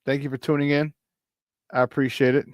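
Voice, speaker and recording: A man hosts a casual sports talk show while doing burpees, excitably repeating phrases for emphasis and rattling off stat lines in quick lists. His voice is medium-pitched, with no room sound.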